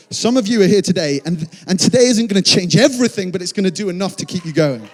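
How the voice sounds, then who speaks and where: A man's voice: high-pitched, lively intonation, brisk. A male pastor giving a passionate, conversational sermon, often restarting his phrases. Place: church auditorium. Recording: reverberant church hall.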